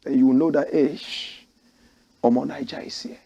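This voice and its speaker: A Ghanaian man hosting an opinionated commentary show, talking in a forceful, preaching way with slogan-like lines. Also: medium pitch, steady tone, moderate pace, gravelly, muffled recording.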